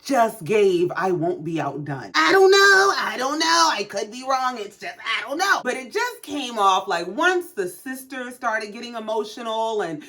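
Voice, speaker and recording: A woman's voice: a little high, very animated, unhurried, few pauses, fairly bright tone. A woman casually recapping a reality show with sassy, profane commentary.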